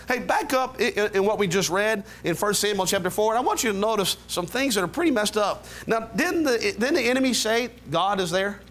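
A man preaching a sermon as pastor, with quiet prayer passages and rising, emphatic build-ups. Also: expressive, fairly quick, few pauses. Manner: leads a quiet low prayer. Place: church sanctuary.

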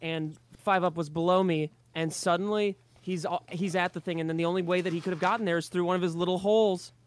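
A man's voice: high-pitched, fairly even intonation, fast. A man chatting casually during a game, accusing his friends in a dry, mock-serious way. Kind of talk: casual gaming chat.

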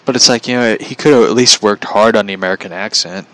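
A man chats casually to his vlog viewers, rambling from thought to thought and chuckling often. His voice sits fairly low but has a bright, sharp ring to it. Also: fast, low-quality recording. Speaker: vlogger. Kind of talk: casual chat.

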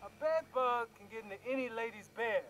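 A cocky young street hustler. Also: male voice, extremely high pitch, brisk, fairly bright tone, slight background noise, low-quality recording. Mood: brash. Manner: brash, boastful. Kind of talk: video game cutscene acting.

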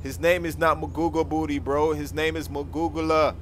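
A man's voice: on the high side, little pitch movement, fairly quick, slight background noise, close to an everyday voice. A man playing a whiny young driver pulled over by a cop, pleading and complaining. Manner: pleading and complaining, calls everyone bro.

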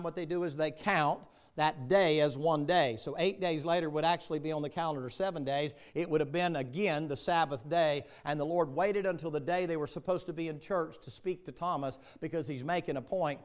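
A man's voice: fairly high pitch, moderate pace, few pauses. A man with a Southern US accent preaching a sermon as pastor, in a folksy, joking storytelling manner.

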